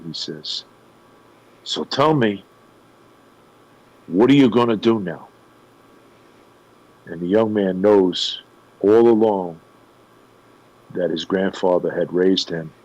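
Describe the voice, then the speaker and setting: A man, a guest on a radio show, retelling a story in an animated way with emphatic pauses. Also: low voice, husky, low-quality recording. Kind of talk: conversational storytelling.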